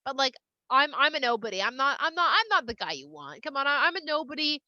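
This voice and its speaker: A woman's voice: high-pitched, big pitch swings, quick pace, sharp tone, dry recording, full character voice. A woman voicing Moses as an anxious, self-doubting young shepherd who stammers, on a slightly lo-fi recording. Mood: nervous.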